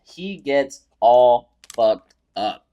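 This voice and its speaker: Drawing out his words in a medium-pitched voice, a young podcast co-host animatedly tells a profane story and plays its characters. The sound is lo-fi.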